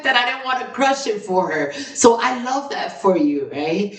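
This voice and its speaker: A woman hosting a casual solo podcast, excitable and repetitive, swinging between low musing and high, loud exclamations. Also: normal speed, recorded from a distance. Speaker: podcast host. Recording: roomy, from off the mic.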